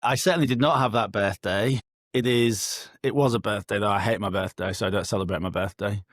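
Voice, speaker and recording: A man's voice: on the low side, steady tone, brisk, no room sound, studio quality. A middle-aged man, a podcast co-host, chatting in a self-mocking, rambling, wry way over a video call. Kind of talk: casual chat. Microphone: remote video call.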